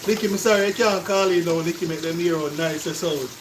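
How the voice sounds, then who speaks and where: Talking quickly in a voice on the high side, this Jamaican-accented co-host of a cooking stream chats to his audience and breaks things down in patois. Background noise is audible throughout.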